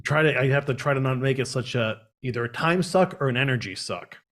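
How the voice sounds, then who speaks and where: A man's voice: mid-range voice, fairly quick, fairly bright tone. A man hosting a live stream, chatting casually and rambling with lots of fillers. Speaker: host of a live channel.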